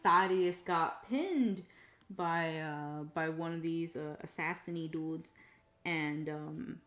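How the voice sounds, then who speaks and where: A woman's voice: low-pitched, slow pace, a bit bright. A woman streamer casually recounting a tabletop game session, rambling with many fillers and some swearing. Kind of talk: casual storytelling on a live stream.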